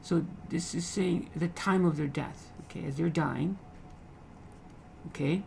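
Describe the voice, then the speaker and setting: Male lit teacher, gravelly fry voice, halting, repeats phrases, faint background hiss. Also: fairly high pitch, darkish tone, low-quality recording. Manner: repeats phrases, frequent "okay?" checks, halting restarts. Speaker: literature teacher. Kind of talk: explaining a poem in a lecture.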